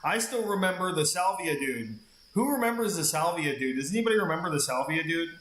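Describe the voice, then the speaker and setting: A man's voice: a little high, expressive, brisk, a bit bright, roomy sound. Rambling, foul-mouthed streamer guy. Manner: rambling, profane storytelling. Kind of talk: casual chat while gaming.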